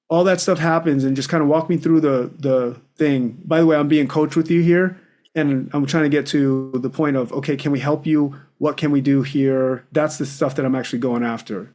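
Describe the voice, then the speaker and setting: A man coaching a caller live as a marriage coach, pushing straight at him and then reassuring him, calling him brother. His pitch sits at a middling level for a man. He speaks in a firm, direct way. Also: fairly even intonation, a little fast, a little mellow.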